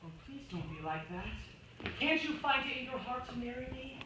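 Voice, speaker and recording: An actor playing an earnest, lovestruck young groom who gushes and pleads, recorded on stage. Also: male voice, very high voice, big pitch swings, normal speed, background noise. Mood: pleading. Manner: earnest, breathless, gushing. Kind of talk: stage musical acting. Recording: echoey stage from far off with music.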